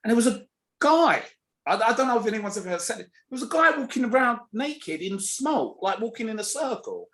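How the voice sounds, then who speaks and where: A man, a comedian guest, telling a casual story and acting out the people in it with big jumps in his voice. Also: fairly quick. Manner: animated, acts out quoted voices with big pitch jumps.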